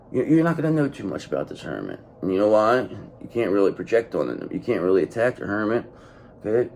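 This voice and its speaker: Brief: a low, gravelly man reading tarot, blunt and sweary, with lots of up and down in his voice. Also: a little mellow, slight background noise. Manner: blunt, profane and repetitive, often says okay. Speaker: tarot reader. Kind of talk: casual tarot reading monologue.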